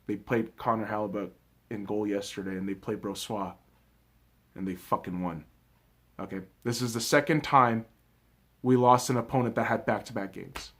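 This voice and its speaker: A young man hosting his own hockey review, ranting with lots of swearing and swinging between shouted outbursts and low muttering. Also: normal speed. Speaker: sports video host. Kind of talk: angry solo hockey game review.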